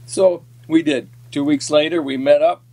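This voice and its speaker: A man's voice: a little high, steady tone, normal speed, darkish tone. A man, a former tournament angler, telling a long, rambling story in a casual podcast chat, folksy and full of ums. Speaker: podcast guest, former walleye tour pro.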